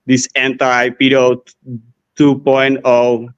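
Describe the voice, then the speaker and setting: A man from the Netherlands, co-hosting a casual live-stream chat, blunt and quick to swear. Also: medium pitch, completely flat delivery, clean tone. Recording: dull lo-fi stream audio.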